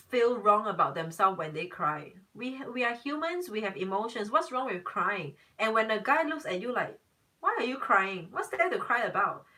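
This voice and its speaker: A woman's voice: medium pitch, pushed and bright, distant mic, rough recording. A young woman, a tarot reader, chatting casually on a live stream, emphatic and repeating herself.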